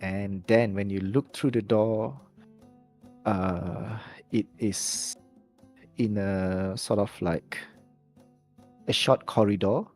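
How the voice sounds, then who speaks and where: A low-pitched man with a soft, mellow voice narrates a tabletop role-playing scene as game master. He talks haltingly, backing up and fixing his words as he goes, with faint music behind him. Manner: hesitant, many restarts and self-corrections.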